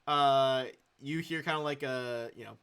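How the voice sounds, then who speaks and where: A man's voice: medium pitch, measured pace, a bit bright, smooth. A man running a tabletop game as game master, narrating loosely with a lot of swearing. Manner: loose, swears, lots of fillers.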